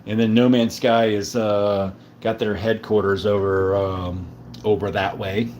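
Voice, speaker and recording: A man's voice: lowish voice, flat delivery, a little slow, darkish tone, slight background noise. A man hosting a casual livestream, joking and rambling with lots of fillers while a bit drunk. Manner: rambling, joking, tipsy banter with frequent fillers. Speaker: livestream host.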